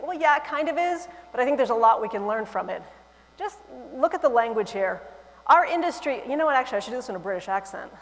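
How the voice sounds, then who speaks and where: A woman with a fairly high voice delivers a funny, animated keynote from a stage. Her words carry the long reverb of a large conference hall. She talks with quick jokes and playful emphasis. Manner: lively, humorous, animated delivery. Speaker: keynote speaker.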